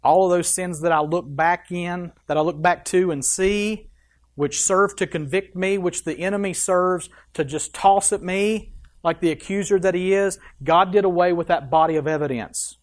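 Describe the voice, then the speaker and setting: A male pastor delivering a sermon in a church, his voice swinging from loud, stressed phrases down to quiet, low asides. He speaks straight to the people in the pews and puts questions to them. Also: moderate pace. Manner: emphatic preaching with wide swings in loudness and pace; addresses the congregation directly with questions.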